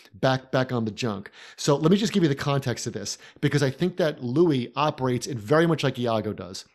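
Guy cohosting a film podcast, retelling scenes in vivid detail, middle-pitched voice. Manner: animated storyteller, recounts scenes in detail. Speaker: podcast co-host. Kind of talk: casual film analysis.

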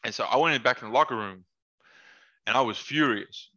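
A man with a bright, forceful voice tells relaxed stories on a podcast, mixing in slang and laughing easily. The audio is dull and lo-fi. He talks like he is among old friends. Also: mid-range voice, a little fast. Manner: laid-back, laughs often, slangy asides. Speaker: podcast guest, former basketball player. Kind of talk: casual storytelling chat.

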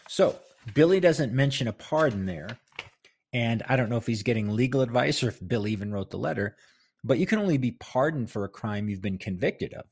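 A man's voice: mid-range voice, animated, a little fast, a little mellow, husky. A man hosting a casual history talk, rambling and chatty with many fillers and restarts. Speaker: podcast host.

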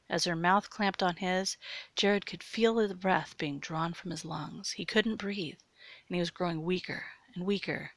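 A woman reading a story aloud in a measured, steady way, sometimes dropping to a near whisper. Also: fairly low pitch, gravelly, dry recording. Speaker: story reader. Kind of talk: scripted narration of erotic horror.

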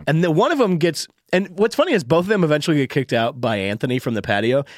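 A man telling door staff stories in a casual studio chat, loudly acting out his own yelling. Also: quick pace, no echo. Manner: animated, acts out loud yelling in high pitch when quoting himself. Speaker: comedy club door staff, podcast regular. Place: podcast studio.

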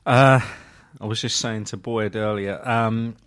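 A man's voice: fairly low pitch, fairly even intonation, measured pace, fairly bright tone, clean tone. A middle-aged man, a guest on a football podcast, telling rambling stories in an easygoing way. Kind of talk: casual football chat.

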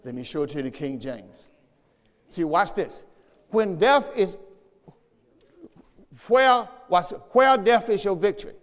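A man's voice: sits high, expressive, a little slow, pauses often. A man preaching a sermon as pastor, teaching from scripture in a call-and-response style and repeating key phrases. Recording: long church reverb.

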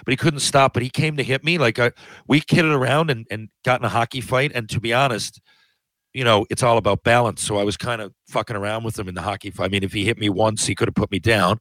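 A man's voice: medium pitch, steady tone, quick pace, a bit bright, dry recording, rough recording. Rambling storyteller man, dry sound. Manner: rambling, self-interrupting anecdotes. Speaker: podcast guest. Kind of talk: casual storytelling.

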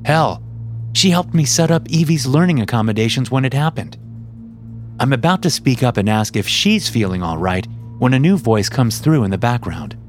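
A man narrating a suspenseful first-person story in a measured way. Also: mid-range voice, lively intonation, faint music behind.

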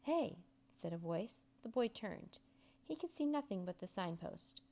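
Lively woman reading a storybook aloud. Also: medium pitch, moderate pace. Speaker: narrator. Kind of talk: storybook narration.

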